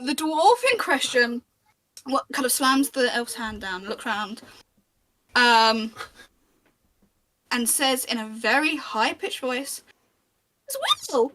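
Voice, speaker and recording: A woman's voice: a little high, slow, long pauses, a bit bright, a little hiss or hum, low-quality recording. A woman narrating as game master of a tabletop game, chatty, with frequent ums and restarts.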